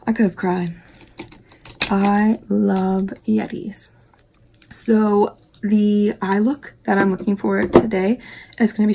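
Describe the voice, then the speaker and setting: A woman's voice: medium pitch, creaky, warm tone, slight background noise. A young woman from West Virginia chatting casually through a makeup tutorial, rambling and dropping into whispered asides. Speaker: beauty vlogger.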